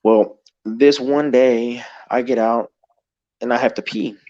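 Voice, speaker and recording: A man's voice: mid-range voice, steady tone, slow, a little mellow, highs cut off. A man telling a story in a casual, rambling way, swearing freely and filling gaps with "you know.". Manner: rambling and profane, heavy on "you know" fillers. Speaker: guest telling an encounter story.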